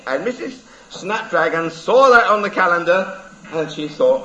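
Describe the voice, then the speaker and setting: A man's voice: a little high, normal speed, slight background noise. A man, a preacher telling a playful story to children. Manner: lively, playful, laughs through the telling. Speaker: preacher giving a children's talk. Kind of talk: animated storytelling. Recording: dull lo-fi recording.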